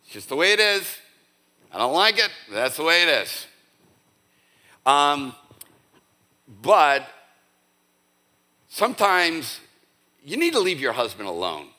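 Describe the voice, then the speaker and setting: A male pastor giving a conversational, animated sermon with casual asides to his church. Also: a little high, slow, long pauses. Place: church sanctuary.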